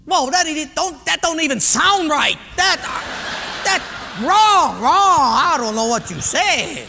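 A man playing a bossy shouting interviewer. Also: very high-pitched, sing-song, takes it slowly, creaky, slight background noise, pitched above the performer's own voice, full character voice. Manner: shouting verdicts, pidgin phrasing. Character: loud bossy male job interviewer. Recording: echoey hall reverb.

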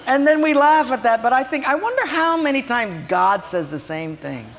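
A man's voice: very high-pitched, moderate pace, long reverb tail, slight background noise. An older man preaching a sermon as a pastor, telling stories and acting out voices. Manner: animated storytelling, acts out voices.

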